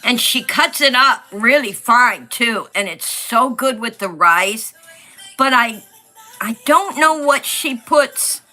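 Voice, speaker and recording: A woman's voice: a little high, lively intonation, slow pace, bright, forceful tone, soft background music. A middle-aged woman, hosting a casual livestream and reading viewer comments aloud as she chats. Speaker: livestream host. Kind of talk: casual livestream chat while coloring.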